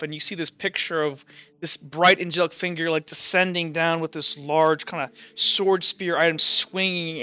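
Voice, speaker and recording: A man's voice: on the high side, sharp tone, clear, resonant tone, lo-fi sound. A man narrating a tabletop game as game master, casual and rambling.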